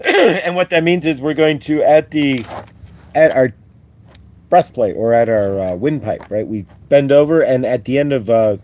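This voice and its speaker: A man's voice: mid-range voice, unhurried, darkish tone. A man hosting a live-stream spiritual talk, rambling and upbeat as he leads repeat-after-me affirmations. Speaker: host.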